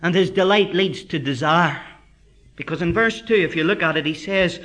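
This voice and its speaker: A man preaching a sermon with fervent emphasis, slowing down for scripture and dropping into quiet asides to the congregation. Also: fairly high pitch. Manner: emphatic, builds to fervent climaxes; drops to a quiet conversational aside.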